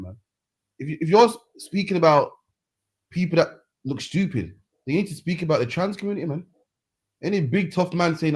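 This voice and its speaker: A man's voice: on the high side, animated, quick pace, breathy edge. A man hosting a reaction commentary, heated and mocking, ending phrases with "man". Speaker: host. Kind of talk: street preaching reaction commentary.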